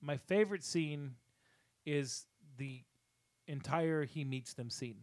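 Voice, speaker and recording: A man co-hosting a casual movie podcast, playful and animated as he retells scenes. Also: a little high, slow pace. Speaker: podcast co-host.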